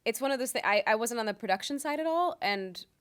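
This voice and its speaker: At a convention interview, a young adult woman who works as a voice actor chats casually as a guest, filling her speech with ums and likes. Her voice is a little high and animated, and she talks fast.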